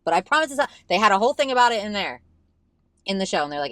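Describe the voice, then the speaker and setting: A woman's voice: medium pitch, big pitch swings, racing, a bit bright, no echo. A woman co-hosting a casual podcast chat, swearing freely and filling her talk with "like". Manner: chatty, swears freely, lots of "like". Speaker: podcast co-host. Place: parked car.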